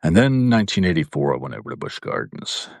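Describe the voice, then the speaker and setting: A man's voice: extremely low pitch, wildly swooping pitch, fast talker, vocal fry, dry recording. A man, hosting a live video and telling rambling personal stories, often correcting himself. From Virginia, US. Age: 60s. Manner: meandering, self-correcting. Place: indoor room in an old building.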